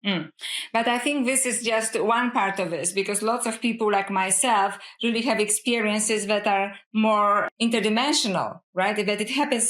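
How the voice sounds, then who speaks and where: A woman's voice: medium pitch, fairly bright tone. Earnest woman scholar in a roomy space. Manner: reflective, earnest, often says "you know". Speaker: guest author and scholar. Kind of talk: conversational podcast interview. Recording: roomy echo.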